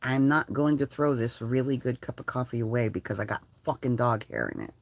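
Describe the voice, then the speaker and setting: With a rumbling low voice and a slightly quick pace, an older woman vlogs casually from the converted school bus she calls home. Her storytelling is lively, blunt and full of swearing.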